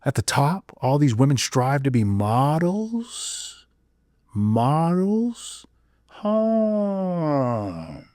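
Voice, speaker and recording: A man on a podcast delivering an intense monologue. He asks rhetorical question after rhetorical question and swings from low muttering to loud exclamations. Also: very animated, slow, no room sound, clean studio sound. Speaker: podcast guest.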